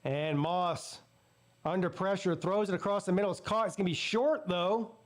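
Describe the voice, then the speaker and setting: A man with a Southern US accent hosting a live watch-party stream, calling plays excitedly and jumping up in pitch on big plays. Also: normal speed. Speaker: sports streamer host.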